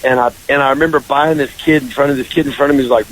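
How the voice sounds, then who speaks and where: A male country singer telling a long story in a casual radio interview, animated, slipping into high voices for the people he quotes. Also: rapid-fire, slight background noise, rough recording. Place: radio studio.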